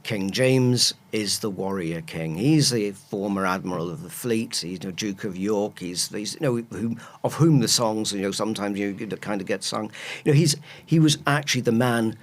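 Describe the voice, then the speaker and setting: A man's voice: fairly low pitch, normal speed, few pauses. A man, a historian guest explaining history with enthusiastic, rambling asides. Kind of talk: casual chat, explaining history.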